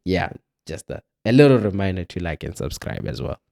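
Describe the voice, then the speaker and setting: A young man hosting a podcast, talking in a relaxed, easygoing way with fillers. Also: deep voice, brisk, gravelly. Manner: relaxed, easygoing, fills gaps with um and like. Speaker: podcast host. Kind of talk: casual chat.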